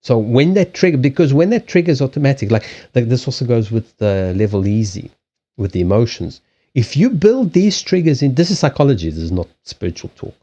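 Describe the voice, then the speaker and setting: A man's voice: mid-range voice, very animated, a little fast, dark tone, highs cut off. A man hosting a live stream, chatting casually about habits and anxiety, rambling with frequent restarts, swearing and laughing. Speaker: livestream host and card reader.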